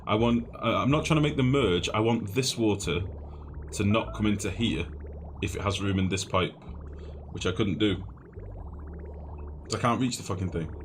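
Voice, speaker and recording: A man's voice: on the low side, normal speed, slight background noise. A young man streaming a video game, chatting flusteredly to his viewers and mocking himself. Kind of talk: live-streamed gameplay commentary. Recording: music playing clearly behind voice.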